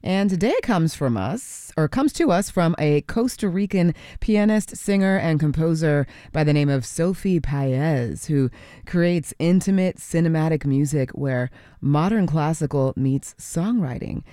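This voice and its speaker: A woman's voice: low-pitched, lively intonation, unhurried, dark tone, no echo, studio quality. A woman radio host chatting through a pledge drive and introducing music in a friendly, conversational way. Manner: friendly, self-correcting, conversational. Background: faint music.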